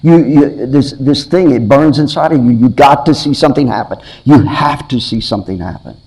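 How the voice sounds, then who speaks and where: A man's voice: medium pitch, normal speed, gravelly, a little mellow, rough recording. A middle-aged man preaching a sermon, asking his listeners earnest questions and often repeating or restarting his phrases.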